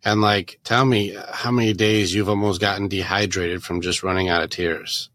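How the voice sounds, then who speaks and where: A man with a fairly low voice hosts an interview in an insistent, emphatic way. He repeats his phrases again and again to drive the point home. His voice sounds dry and close to the mic. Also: little pitch movement, normal speed, fairly bright tone, no room sound. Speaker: podcast host.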